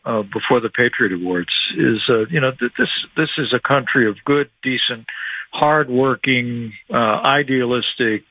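A man in his sixties from Indiana, a guest on a radio interview, speaking in a measured, earnest way with many pauses. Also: medium pitch, dry recording. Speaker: guest, former politician. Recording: tinny phone line.

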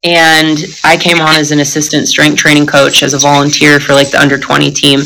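A woman's voice: low-pitched, monotone, brisk, gravelly, sharp tone, slight background noise, low-quality recording. A middle-aged woman telling her story in a candid conversation, blunt and profane, breaking into laughs and acting out other people's lines.

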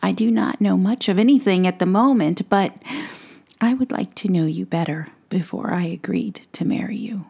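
A woman voicing a polite, bewildered fairy queen in a soft whispered role-play. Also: lowish voice, normal speed, creaky, slightly rough. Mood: gracious. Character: lost gentle fairy queen, young woman.

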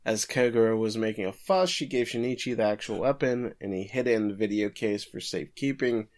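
A man's voice: on the low side, brisk. A man co-hosting a podcast, casually recapping an anime episode with frequent chuckles. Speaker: podcast co-host.

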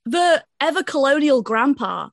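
A woman with a Northern English accent, a guest on a podcast, trading wry, deadpan remarks in a slightly raised voice. The recording is close and dry. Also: sits high, a little slow, gravelly, no echo. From North of England. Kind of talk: casual chat.

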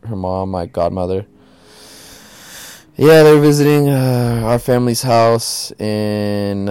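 Chill guy doing a solo podcast, swears a lot, dark mellow voice, dry close sound. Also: fairly low pitch, clear, resonant tone, dry recording. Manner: laid-back, slangy and profane. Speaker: podcast host. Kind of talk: casual solo podcast monologue.

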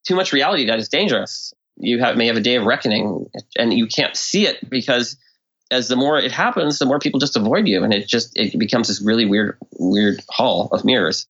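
A man as a podcast guest, explaining ideas in casual talk and often acting out quoted speech with lively swings in tone. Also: medium pitch, a little fast, husky, muffled recording. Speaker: guest expert. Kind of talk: conversational explanation.

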